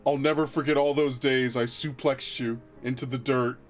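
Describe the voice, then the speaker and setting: A man voicing a boastful doting father who talks in a slow, grandiose, mock-sentimental way. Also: medium pitch, steady tone, soft background music, lightly acted.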